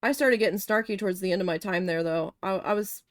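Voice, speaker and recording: A woman's voice: medium pitch, fast talker, no echo, clean studio sound. A woman chatting casually while she paints, telling a long, candid, profane story with rambling self-corrections. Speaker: art vlogger recalling a retail cashier job.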